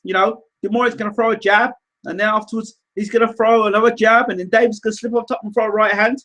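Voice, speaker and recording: A man hosting a casual live show, reading viewer comments aloud in an animated, teasing, rambling way. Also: sits high, fast talker. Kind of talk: casual livestream chat.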